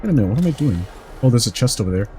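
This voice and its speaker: A man streaming a video game in casual chat, excitable, swearing freely and laughing often while he yells at the game. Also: mid-range voice, very fast, faint music behind.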